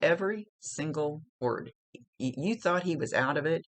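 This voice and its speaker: A woman's voice: deep voice, lively intonation, normal speed. A middle-aged woman giving a recorded psychic reading in a chatty, emotional, blunt way, swearing freely. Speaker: psychic medium.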